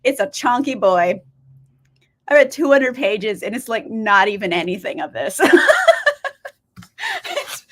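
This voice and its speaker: Giggly, animated woman chatting on a livestream. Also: high voice. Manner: bubbly, giggly, greets chat viewers by name. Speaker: livestream host. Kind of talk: casual livestream chat.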